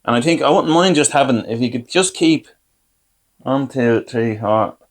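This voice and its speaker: A man's voice: mid-range voice, expressive, normal speed. An Irish man hosting a podcast, telling rambling, self-deprecating comic anecdotes and acting out what people said to him. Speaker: podcast host. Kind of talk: comic storytelling.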